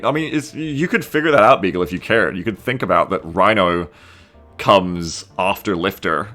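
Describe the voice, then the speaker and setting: Faint music plays behind this brisk, fairly low-pitched man as he streams himself coding a game mod. Laid-back and quick to poke fun at himself, he reads his chat aloud and curses casually along the way.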